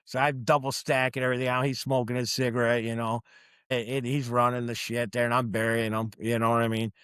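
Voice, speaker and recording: Casting note: gruff man, Teamster guest, blunt and profane, dry close mic. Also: medium pitch, level tone, brisk, fairly bright tone, no echo. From New York. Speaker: union truck driver guest. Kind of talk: casual podcast storytelling.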